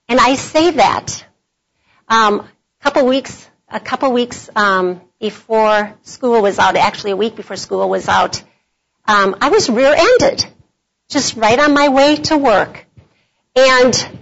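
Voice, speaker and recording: A middle-aged woman gives a devotional talk to women, her voice a little high. She tells stories in a chatty way and laughs often. The conference recording sounds dull and lo-fi. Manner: storytelling, warm and chatty with laughs. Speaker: workshop speaker. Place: meeting room at a conference.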